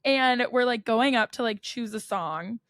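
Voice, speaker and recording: A woman's voice: a little high, unhurried, fairly bright tone, no room sound. A young American woman co-hosting a podcast, telling stories in a chatty way with frequent laughs and lots of "like". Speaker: podcast co-host. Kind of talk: casual chat.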